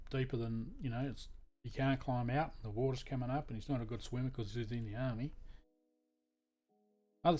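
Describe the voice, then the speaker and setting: Australian veteran, casual streamer, meandering storyteller, mid pitch. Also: male voice, a little mellow. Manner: meandering, with frequent asides and restarts.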